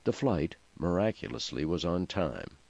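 Male audiobook narrator, deep, lively delivery, dry lo-fi sound. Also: moderate pace, gravelly, dry recording. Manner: expressive storytelling. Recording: dry, slightly muffled lo-fi recording.

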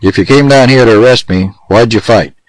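A man reading the part of a hard young gunfighter who fires off sharp, demanding questions. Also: medium pitch, brisk, no echo, natural voice, poor audio.

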